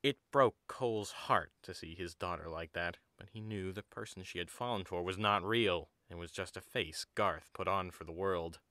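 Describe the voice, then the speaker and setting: A man narrating an audio drama in an even storybook manner. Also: sits low, moderate pace, few pauses, dry recording, studio quality. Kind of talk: scripted narration.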